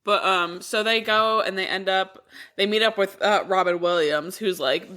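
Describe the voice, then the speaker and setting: Bright-voiced, laid-back podcast co-host. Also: medium pitch, moderate pace. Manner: relaxed, laid-back slang. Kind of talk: casual film-review chat.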